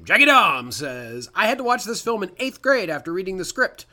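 A man's voice: high-pitched, sing-song, pushed and bright. A young man co-hosting a podcast, chatting casually with a sassy, joking manner. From Canada. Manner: sassy, playful, quick to joke. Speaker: podcast co-host. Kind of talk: casual chat.

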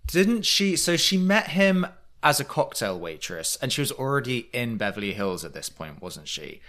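A man chatting casually on a podcast, playful and quick to poke fun at himself. His voice is bright and forward, and his pitch swings widely as he talks. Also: very animated. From Britain. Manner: playful, self-deprecating. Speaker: podcast co-host. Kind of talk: casual chat.

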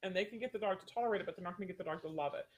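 A man's voice: sits high, rapid-fire, a little hiss or hum. A man who trains dogs, chatting casually with viewers on a livestream, rambling and breaking off his own sentences. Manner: rambling, self-interrupting, many fillers. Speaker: dog trainer hosting a livestream.

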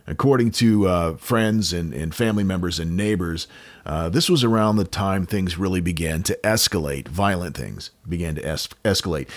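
Wry American man with a low, lively voice. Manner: wry, offhand, with dry jokes. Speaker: podcast host telling a true crime story. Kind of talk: casual storytelling chat.

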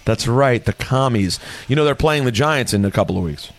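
A man's voice: mid-range voice, animated, fairly quick. A man hosting a sports talk show, chatty and jokey, reading out news items between banter.

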